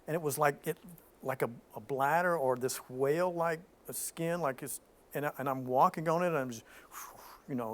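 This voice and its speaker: A man hosting an informal spiritual talk, telling stories in an animated way with frequent restarts. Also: medium pitch.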